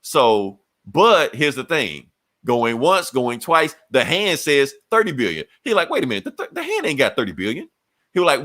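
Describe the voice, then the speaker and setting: A man co-hosting a podcast, retelling a comic book story and jumping into quick voices for each character. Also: mid-range voice, wildly swooping pitch, pushed and bright. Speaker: podcast co-host. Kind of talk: animated comic book recap.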